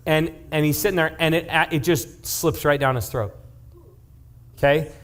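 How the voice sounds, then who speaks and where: Lively joking young man preaching. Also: on the high side, moderate pace. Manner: joking, conversational, checks in with the audience; lively storyteller. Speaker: youth pastor. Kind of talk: casual youth sermon.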